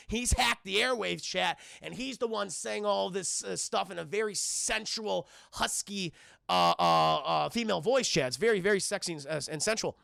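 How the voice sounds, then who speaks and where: A man's voice: sits high, gravelly, pushed and bright, no room sound, clean studio sound. Sex: man. Role: profane cartoon reviewer on a live stream. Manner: rambling, profane, addressing chat. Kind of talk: casual live-stream recap.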